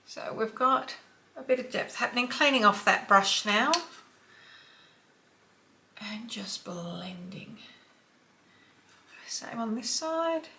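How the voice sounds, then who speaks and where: An Australian woman in her fifties chatting through a makeup tutorial, sometimes dropping to a soft whisper while she blends. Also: a little high, animated, moderate pace, background noise. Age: 50s. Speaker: beauty vlogger.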